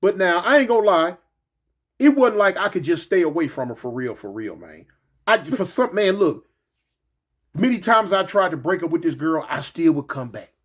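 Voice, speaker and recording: A man telling a personal story in a casual, animated way, repeating himself and peppering it with "man" and "you know". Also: high voice, normal speed, slightly rough. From Los Angeles.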